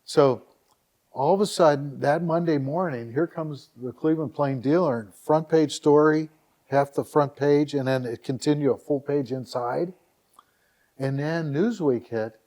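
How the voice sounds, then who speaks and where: Mellow-voiced man telling an excited story. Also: fairly high pitch, unhurried. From Northeast Ohio. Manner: animated anecdote teller who acts out dialogue and keeps repeating "all of a sudden". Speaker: podcast guest, website founder. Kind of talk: casual storytelling interview.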